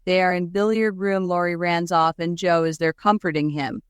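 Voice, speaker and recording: In a casual podcast chat, a female co-host talks through a film adaptation in a chatty, reflective way. Her voice is lowish and fairly even in intonation, at a moderate pace. The sound is clean, studio quality, with no echo.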